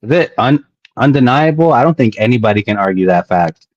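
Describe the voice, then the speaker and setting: A man guesting on an interview show, chatting casually and telling animated stories with drawn-out emphasis. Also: dry recording. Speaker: guest wrestler. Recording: dull low-fi audio.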